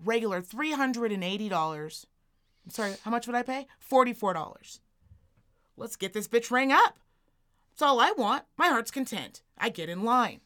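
Sassy, bright-voiced woman storyteller. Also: fairly high pitch, moderate pace. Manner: profane, sassy, animated storyteller. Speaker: podcast co-host. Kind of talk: comedic storytelling chat.

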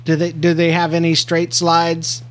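A man's voice: on the high side, monotone, moderate pace, a little hiss or hum. A man chatting casually with his young daughter, asking playful questions and teasing her with silly jokes. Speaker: father talking with his daughter. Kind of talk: casual chat with a child.

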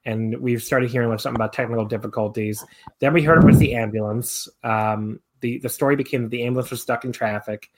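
A man's voice: mid-range voice, steady tone, fast talker. A young man co-hosting a podcast in casual chat, rambling with many fillers and restarts. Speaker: podcast co-host.

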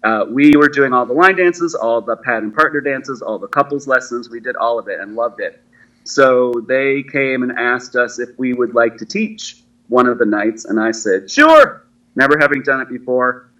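A man's voice: medium pitch, moderate pace, pushed and bright, poor audio. A man in his forties, a guest telling his story in a chatty, self-deprecating way, laughing easily. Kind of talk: casual interview storytelling.

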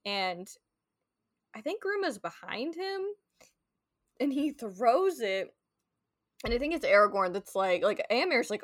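A woman's voice: fairly high pitch, sing-song, unhurried, pauses often, dry recording. Chatty woman podcast host, dry sound. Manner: chatty, heavy on "like" fillers, paraphrases characters playfully. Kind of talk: casual chat.

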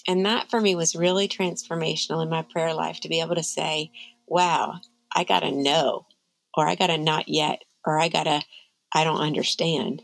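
Earnest woman with a gravelly voice. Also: sits low, fairly even intonation, normal speed, no room sound, rough recording. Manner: earnest, reflective, gets emotional. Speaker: author and guest. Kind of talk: candid interview answer.

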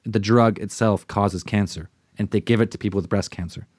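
A man's voice: fairly low pitch, steady tone, fairly quick, darkish tone, dry recording, studio quality. A man co-hosting a podcast in casual chat, ranting with lots of swearing and mocking put-on quotes. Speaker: podcast co-host.

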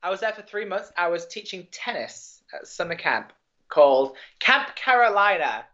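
A man's voice: high-pitched, lively intonation, moderate pace, fairly bright tone, muffled recording. A young man from England with a hard-to-place mixed accent, a guest chatting casually and jokingly, rambling with lots of fillers. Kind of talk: casual podcast chat.

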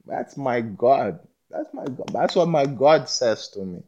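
A man's voice: medium pitch, animated, measured pace, darkish tone, muffled recording. Rambling man preaching self-affirmation. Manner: rambling, repeats words and restarts often, swears casually; self-affirming, preachy, often asks "you understand me?". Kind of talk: casual spiritual monologue.

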